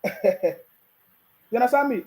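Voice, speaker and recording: A Nigerian-accented political commentator talking straight to the listener, pitched at an ordinary middle height. The delivery is mocking and full of rhetorical questions, with chuckles slipped in between points and a habit of asking whether the listener is following. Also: expressive, moderate pace, warm tone, poor audio. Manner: keeps checking in with the listener.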